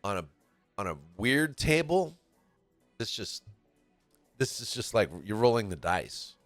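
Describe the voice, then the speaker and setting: A man's voice: on the low side, big pitch swings, a little slow, a bit bright, dry recording, faint music behind. A man from California giving laid-back, chatty commentary on a pool match, often laughing as he talks. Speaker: stream commentator.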